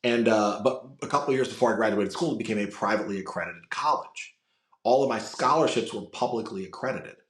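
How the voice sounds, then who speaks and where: A man's voice: fairly low pitch, fast talker. A man from Florida, a podcast guest, telling long personal stories in a rambling way, full of fillers and restarts. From Florida, USA. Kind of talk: casual storytelling chat. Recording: roomy echo.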